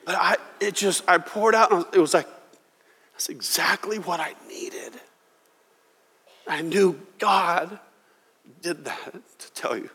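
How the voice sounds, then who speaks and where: A middle-aged man preaching a sermon as pastor, earnest and emotional, often halting and restarting his words. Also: fairly high pitch, a bit bright, husky. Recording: long reverb of a church hall.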